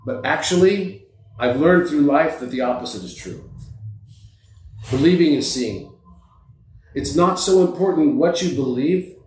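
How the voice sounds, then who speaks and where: A podcast guest tells motivational stories in an emphatic, earnest manner. He is a man with a fairly high voice. The room around him sounds echoey. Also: a little slow, pauses often, a little mellow. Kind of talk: motivational storytelling.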